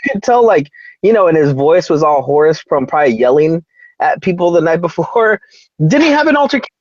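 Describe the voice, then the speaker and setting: Dude co-hosting, chatty and mocking, kinda muffled dry sound. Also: male voice, on the high side, very animated, a little fast, no echo. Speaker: podcast co-host. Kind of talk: casual chat.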